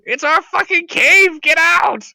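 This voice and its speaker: A man doing a shrill screaming kobold. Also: a little slow, gravelly, no room sound, full character voice. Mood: angry. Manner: shrill, shouting, defiant. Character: screaming panicky kobold pair, small and hostile.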